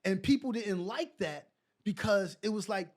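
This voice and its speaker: A middle-aged man from New York, a podcast guest and former pro basketball player, telling colloquial stories with animated dialogue. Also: high-pitched, moderate pace. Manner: colloquial, animated storyteller who acts out dialogue. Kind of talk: casual storytelling interview.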